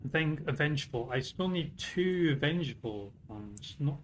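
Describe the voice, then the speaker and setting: A man's voice: a little high, animated, measured pace, a little hiss or hum, poor audio. A man from Britain with a British accent, chatting casually and self-mockingly on a game livestream, swearing now and then. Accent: British English. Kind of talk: casual gaming stream chat.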